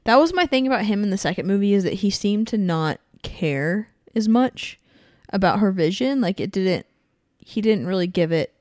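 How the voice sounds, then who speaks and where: A woman chatting casually as a podcast co-host, relaxed, with loose, halting phrasing. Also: medium pitch, no echo, clean studio sound. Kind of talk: casual chat.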